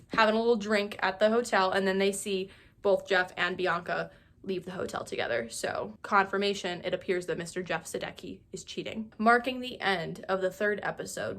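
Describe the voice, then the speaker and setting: A woman talks through a TV recap in a loose, chatty way, leaning on "like" as she rambles from scene to scene. Her voice sits at an ordinary middle pitch. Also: a bit bright. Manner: breezy, rambling, heavy use of "like". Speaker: show recap host.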